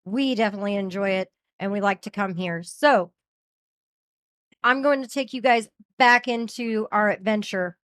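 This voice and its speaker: A woman narrating a tabletop game as game master and host, lively and welcoming toward a live audience. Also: medium pitch, normal speed, clean tone, no room sound, clean studio sound. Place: live show at a cafe venue.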